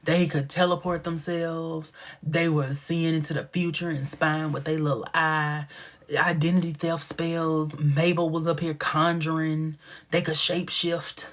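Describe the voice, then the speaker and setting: A man's voice: fairly high pitch, level tone, unhurried, fairly bright tone. A man hosting a casual livestream, gossiping in a sassy way and often dropping into a whisper. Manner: sassy, gossipy retelling with sudden dips into whispers. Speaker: livestream host.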